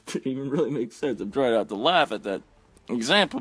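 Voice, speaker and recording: A man's voice: medium pitch, animated, moderate pace. Blunt, foul-mouthed man ranting. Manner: blunt, heavily profane, exasperated. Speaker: vlogger. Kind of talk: profane rant.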